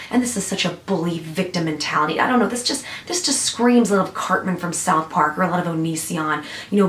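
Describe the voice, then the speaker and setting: A woman's voice: fairly low pitch, fairly bright tone, echoey room. Blunt, scornful woman commentator. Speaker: commentary vlogger. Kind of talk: reaction commentary.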